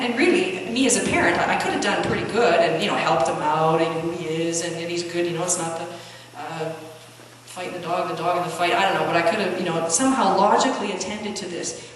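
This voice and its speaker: A woman counselor speaks at a conference in a loose, conversational way, full of restarts and little acted-out quotes. She is heard from a distance in a large hall with a long, booming reverb and a faint hiss in the background. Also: quick pace. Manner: conversational, many restarts and fillers, acts out quoted dialogue. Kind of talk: conference talk with personal stories.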